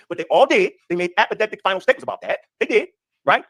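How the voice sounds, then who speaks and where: A man's voice: sits high, no echo, clean studio sound. A man reading an article aloud and riffing on it in casual reaction commentary. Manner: rapid, animated, reads aloud and riffs.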